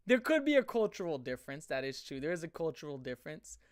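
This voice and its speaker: A man's voice: a little high, no echo, studio quality. A man ranting on a live stream, rambling and swearing heavily, often restarting his sentences. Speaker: streamer reacting to chat. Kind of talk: profane live-stream rant.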